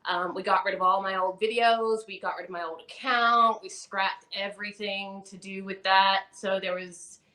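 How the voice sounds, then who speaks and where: A woman's voice: mid-range voice, moderate pace, few pauses. A middle-aged woman with an Australian accent, telling stories in a casual interview and acting out the voices of people she quotes. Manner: animated storyteller, acts out quoted voices. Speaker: guest content creator. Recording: echoey room.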